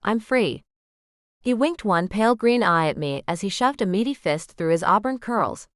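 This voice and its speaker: A woman's voice: medium pitch, animated, moderate pace, no echo. A woman reads a romance audiobook in the first person. Her voice rises and falls a lot as she tells the story. The sound is close and dry. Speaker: audiobook narrator. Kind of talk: scripted romance audiobook narration.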